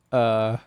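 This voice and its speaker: A man's voice: mid-range voice, creaky, clear, resonant tone. A young man casually commenting on a horror game as he streams it live, joking and thinking aloud. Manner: chatty, jokey, thinking aloud.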